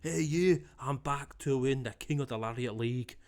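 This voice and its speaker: A man voicing a brash male Scottish wrestler with a put-on Scottish accent, loud and cocky. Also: medium pitch, moderate pace, voice pushed up, close to an everyday voice.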